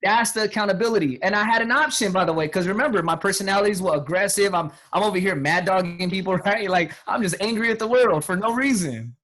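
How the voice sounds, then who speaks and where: High-voiced man telling a motivational story. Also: quick pace, hardly any pauses. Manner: energetic, repetitive, quotes people in acted voices. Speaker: guest speaker.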